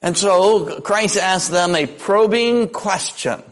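A man's voice: high voice, takes it slowly. Folksy older man preaching a sermon. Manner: folksy storytelling with dry humor. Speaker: pastor.

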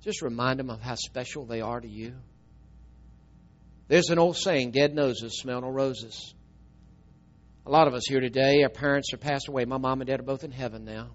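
A middle-aged man, preaching a storytelling sermon and swinging from emphatic, loud telling to a soft, tearful hush. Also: medium pitch, fairly quick, highs cut off.

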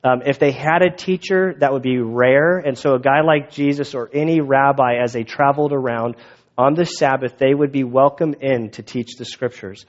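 A male pastor giving a casual, conversational sermon, in a dull lo-fi recording. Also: mid-range voice. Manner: casual, quick, conversational with restarts.

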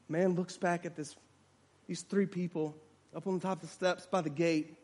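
A man's voice: sits high, fairly even intonation, normal speed, darkish tone. A man preaching a sermon, retelling a story dramatically and acting out the voices of its people.

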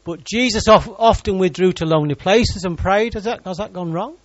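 A man's voice: high voice, fairly quick, no room sound, lo-fi sound. A man preaching a sermon in church, reading scripture and joking with the congregation.

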